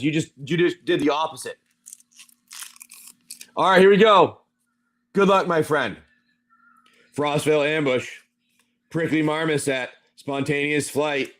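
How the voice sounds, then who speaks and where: Chatty man ripping card packs. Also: mid-range voice. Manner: chatty, rambling, lists card names. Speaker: livestream seller opening card packs. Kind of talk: casual card-pack opening and storytelling.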